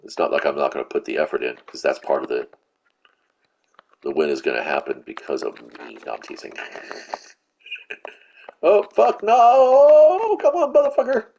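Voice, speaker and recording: Bass-voiced and gravelly, this gaming channel host speaks a little fast in a steady tone, with slight background noise. His live gameplay commentary is a profane, frustrated ramble packed with restarts and fillers.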